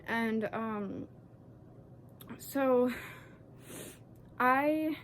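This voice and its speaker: A woman's voice: fairly high pitch, extremely slow, a little hiss or hum. A sixteen-year-old girl telling a story in a chatty, casual vlog, fired up and swearing freely. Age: teens. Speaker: vlogger.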